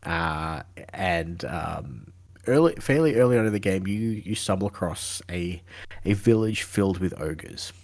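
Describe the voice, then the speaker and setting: Husky low-voiced man telling a story. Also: a little slow. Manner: animated storytelling, swears freely, acts out characters' lines. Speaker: podcast co-host. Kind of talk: casual chat.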